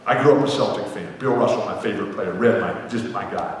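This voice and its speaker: A man in his sixties, a guest author telling rambling, animated anecdotes to a live theater audience, acting out the people he quotes. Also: on the low side, fast, distant mic. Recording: echoey hall, mic heard from afar.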